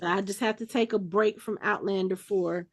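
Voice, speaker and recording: A woman hosting a podcast in casual chat, thinking out loud and restarting her sentences as she speculates. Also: mid-range voice, steady tone, moderate pace. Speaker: podcast host.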